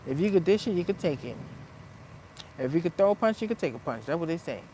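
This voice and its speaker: A woman's voice: on the low side, sing-song, quick pace, slight background noise, rough recording. Blunt foul-mouthed woman venting outdoors. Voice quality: blunt, heavily profane street talk. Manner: swings from muttered asides to loud heated outbursts. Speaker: vlogger. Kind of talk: casual unscripted vlog rant.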